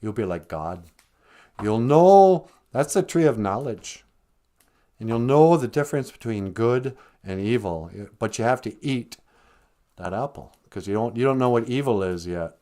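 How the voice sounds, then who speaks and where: Man playing a coaxing, smooth tempter snake in a comic creation tale. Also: mid-range voice, animated, measured pace, warm tone, close to an everyday voice. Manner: persuasive, wheedling.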